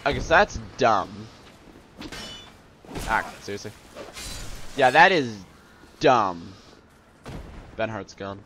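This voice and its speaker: Lively sarcastic man doing game commentary. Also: fairly low pitch, takes it slowly, long pauses, a little hiss or hum. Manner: sarcastic, rambling, easily annoyed. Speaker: let's play host. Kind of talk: gameplay commentary.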